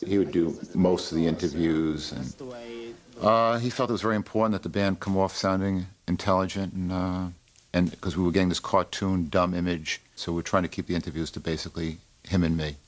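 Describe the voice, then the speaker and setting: Man, very low voice, firm matter-of-fact interview talk. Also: steady tone, a little fast. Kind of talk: documentary interview.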